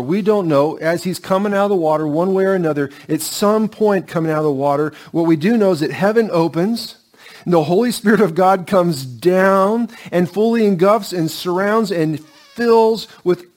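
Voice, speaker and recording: A middle-aged man preaching a sermon as pastor, earnest and emphatic, slowing down and dropping to a hush on key lines. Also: fairly high pitch.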